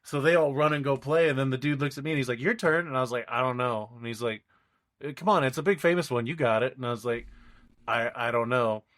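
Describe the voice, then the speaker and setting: A man's voice: medium pitch, quick pace, fairly bright tone. Young male podcast co-host, casual rambling storyteller who acts out each person he quotes.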